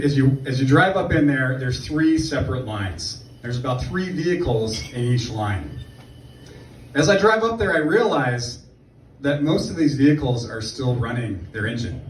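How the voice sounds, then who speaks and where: Male stand-up comic, lively sarcastic delivery, roomy club sound heard from afar. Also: a little high. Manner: sarcastic, rambling storytelling with asides. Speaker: stand-up comedian. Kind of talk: stand-up comedy set. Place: comedy club stage. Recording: echoey club room from far off. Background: audience laughter.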